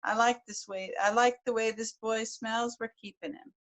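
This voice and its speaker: A woman voicing an old mother coyote in a spoken folk tale, low, hushed and decisive. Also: level tone, normal speed, close to an everyday voice. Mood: firm.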